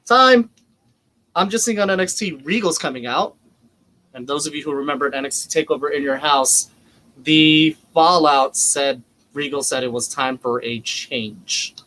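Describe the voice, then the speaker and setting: A man co-hosting a live wrestling watch-along, reacting emotionally and excitedly as events unfold on screen. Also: on the high side, moderate pace. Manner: excitable, reacts loudly and swears; anxious, emotional live commentary.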